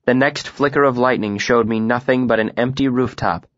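A man narrates a first-person fantasy tale at a measured, steady pace, his voice in the middle register. The recording is dry and close, with a slightly dull, muffled top end. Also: medium pitch, dry recording. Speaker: audiobook narrator.

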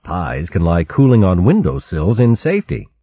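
A man voices a steady mouse warrior who speaks calmly with a touch of dry humor. The voice is a little husky and close, with a lively lilt. The recording sounds slightly muffled. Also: sits low, moderate pace, dry recording, full character voice.

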